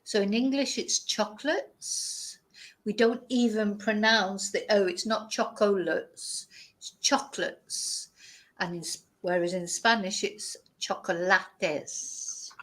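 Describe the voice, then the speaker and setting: A woman teaching vocabulary in a bilingual lesson, slowly repeating words to drill their pronunciation. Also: mid-range voice, fairly even intonation, rough recording. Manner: slow, careful pronunciation drills. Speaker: language teacher.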